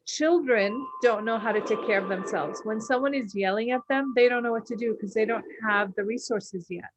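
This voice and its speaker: A woman's voice: medium pitch, lo-fi sound, a little hiss or hum. A woman podcast host and coach giving an earnest motivational talk, acting out little quoted voices and laughing now and then.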